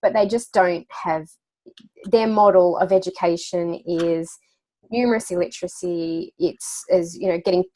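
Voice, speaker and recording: A woman's voice: lowish voice, moderate pace, mellow. A woman guest in a casual interview, talking as a children's wellbeing coach with a chatty storyteller's manner, laughing now and then and using lots of fillers. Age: adult parent.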